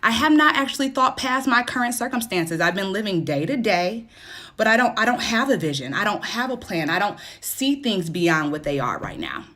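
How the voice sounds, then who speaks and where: A woman's voice: lowish voice, fairly bright tone. A woman in her thirties hosting a live stream, giving a casual motivational talk and repeating her questions in a chatty, encouraging way. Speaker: host of a live stream for women.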